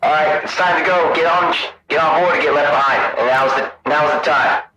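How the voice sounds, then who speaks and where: A man's voice: a little high, normal speed, pushed and bright, roomy sound, distant mic, pitched above the performer's own voice, rough recording. A man voicing a male ship pilot who hurriedly calls out boarding orders over an intercom. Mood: urgent.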